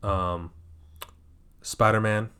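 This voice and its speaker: A man's voice: lowish voice, steady tone, very slow, sharp tone, clear, resonant tone. A man co-hosting a podcast in casual chat, joking around and swearing easily. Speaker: podcast co-host.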